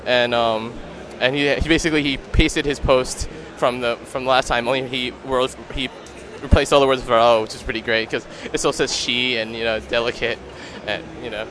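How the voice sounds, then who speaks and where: A man who blogs, answering in a casual interview in a halting, hesitant way. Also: medium pitch, steady tone, fairly bright tone. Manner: halting, hesitant, searching for words. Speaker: blogger.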